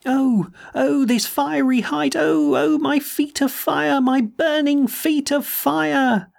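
Male reader voicing a tormented man crying from the sky, high-pitched, slow, raspy wails. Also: fairly even intonation, darkish tone, heavily acted. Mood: anguished. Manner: high, drawn-out wailing cries. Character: anguished man in the grip of a forest spirit, wailing.

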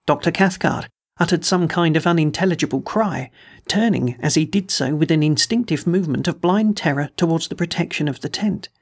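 A man reading a dark story aloud as narrator, in a measured, dramatic delivery. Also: on the high side, creaky, breathy edge. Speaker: audiobook reader. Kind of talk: scripted narration.

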